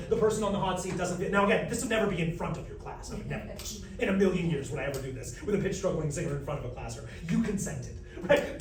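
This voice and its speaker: An American man, a vocal coach, teaching a live workshop, joking with the room and demonstrating pitches and animal sounds. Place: large room with an audience. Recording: roomy, distant mic, faint noise.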